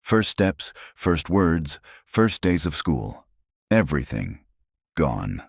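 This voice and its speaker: A man narrating a scripted drama story with a measured, dramatic delivery into a close mic. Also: very deep voice, big pitch swings, vocal fry, husky, no room sound.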